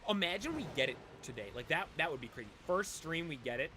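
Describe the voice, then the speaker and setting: A man's voice: fairly high pitch, animated, fast, pushed and bright, slight background noise. A man chatting casually on a live stream, rambling and talking straight to his chat. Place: cold room at home.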